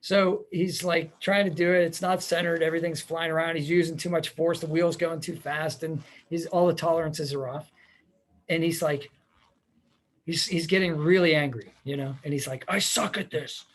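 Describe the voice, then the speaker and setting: A man hosting a podcast, chatting casually and telling animated stories with laughs. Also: a little high, normal speed. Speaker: podcast host. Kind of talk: casual conversation.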